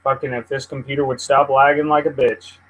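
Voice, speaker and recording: A man's voice: medium pitch, level tone, brisk, fairly bright tone, low-quality recording. A man hosting a casual live news stream, swearing and venting at his computer as he rambles. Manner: profane, easily frustrated, rambling. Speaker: livestream host.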